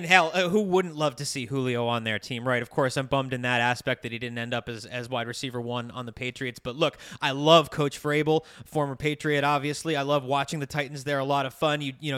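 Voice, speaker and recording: A fast-talking man with a bright, clear voice chats on a casual sports podcast. He laughs often and trails off into fillers. His voice sits a bit high. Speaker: podcast co-host.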